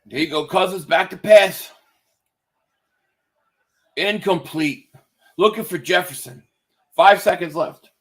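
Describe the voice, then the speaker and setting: An excitable, high-voiced male streamer from the Philadelphia area reacts to a football game from home, mixing casual live-stream chat with play-by-play. He's loose, swears, and reads chat aloud, speaking slowly and pausing often.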